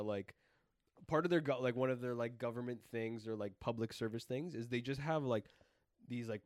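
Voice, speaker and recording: A young man co-hosting a podcast in loose, excitable casual chat, full of fillers and swearing. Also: medium pitch, dry recording, studio quality. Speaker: podcast co-host.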